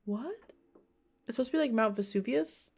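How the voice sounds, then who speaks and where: A woman's voice: on the high side, normal speed, darkish tone. A woman streamer reading bad fanfiction aloud, breaking off for mocking, profane asides.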